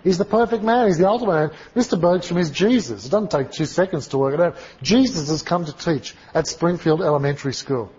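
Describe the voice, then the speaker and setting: A man preaching a sermon, telling stories emphatically and dramatically, swinging from loud to hushed. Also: on the high side, brisk, few pauses, slightly rough, highs cut off. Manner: dramatic, emphatic storytelling with big swings in volume.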